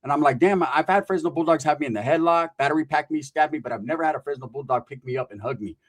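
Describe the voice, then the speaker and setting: A man's voice: a little high, fast talker. A man telling a profane comic story, acting out the people he quotes. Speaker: storyteller comedian.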